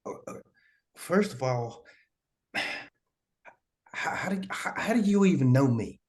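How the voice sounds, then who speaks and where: A man's voice: fairly high pitch, expressive, unhurried, darkish tone. A man playing a troubled young man grieving his mother in a tabletop role-play, stammering and repeating words. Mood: flustered.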